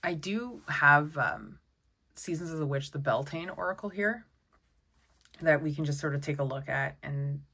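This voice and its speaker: A woman giving a casual tarot deck walkthrough, chatty and excitable, often exclaiming over the cards. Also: low-pitched, moderate pace, slightly rough. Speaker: tarot content creator.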